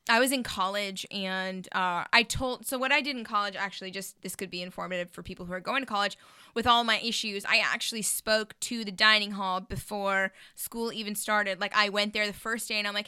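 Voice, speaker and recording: A woman chatting casually as a podcast guest, telling lively stories and laughing often. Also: mid-range voice, fairly quick, smooth, dry recording, studio quality. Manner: animated storyteller, laughs often. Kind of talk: casual chat.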